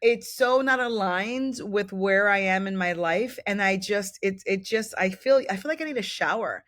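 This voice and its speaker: A woman co-hosting a podcast, chatting casually with emphatic, affirming energy. Her voice sits at an average pitch and is recorded close and dry, with no room sound. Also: moderate pace, a bit bright, no echo. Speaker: podcast co-host. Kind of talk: casual chat.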